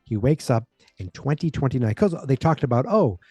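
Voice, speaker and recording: A man hosting a podcast, casually recapping a sitcom episode in a rambling way and jumping into a higher voice to quote the characters. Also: brisk, dark tone, slightly rough, no echo, faint music behind. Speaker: podcast host.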